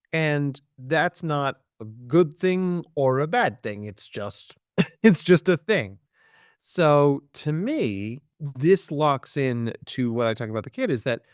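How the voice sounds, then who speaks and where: A man, a clinical psychologist, talking in a podcast interview and acting out quoted people with big jumps in pitch. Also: smooth, dry recording, studio quality.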